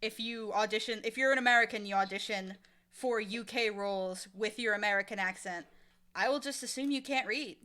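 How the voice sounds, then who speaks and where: A woman with a bright, clear-edged voice, chatting casually as an interview guest. She speaks frankly and with emphasis, giving firm opinions from her casting work. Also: medium pitch, brisk. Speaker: casting director and audio drama creator.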